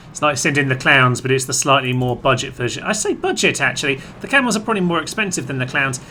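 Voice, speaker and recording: A man talks through a strategy game in casual let's-play commentary, calling out orders to his units. His voice is bright and forceful at a middling pitch. A faint ambient hum sits under the recording. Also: lively intonation, fast talker, few pauses. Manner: chatty, playful, addresses troops aloud. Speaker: gaming commentator.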